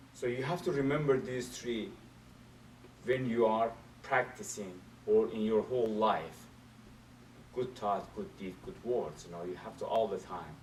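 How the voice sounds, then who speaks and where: A man teaching a martial arts class, explaining step by step in a halting way and repeating phrases while he demonstrates. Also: medium pitch. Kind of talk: demonstration lesson. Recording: echoey room from far off, faint hiss.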